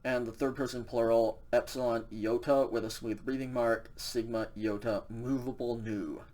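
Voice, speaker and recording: A man's voice: medium pitch, fairly even intonation, moderate pace, darkish tone. A man teaching a recorded language lecture over slides, explaining casually with many fillers and a frequent "okay" check.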